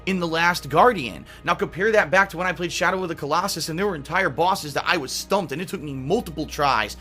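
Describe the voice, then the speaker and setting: Male reviewer, bright forceful tone, scripted narration, music faintly under the clip. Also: on the high side, fairly quick. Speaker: game reviewer.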